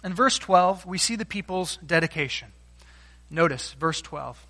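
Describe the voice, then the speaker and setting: Bright, high-voiced male preacher. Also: lively intonation, measured pace. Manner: earnest, emphatic preaching with rhetorical questions. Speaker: pastor. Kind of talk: sermon.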